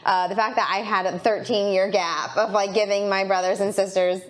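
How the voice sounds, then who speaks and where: A woman chatting as a podcast guest, telling stories in a rambling, animated way with lots of fillers and restarts. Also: mid-range voice, normal speed. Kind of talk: casual interview chat.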